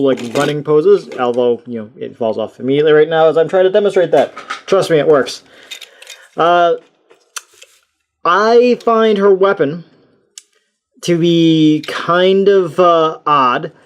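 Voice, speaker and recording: A young man reviewing a toy in a casual, rambling way, self-deprecating and full of restarts. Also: on the high side.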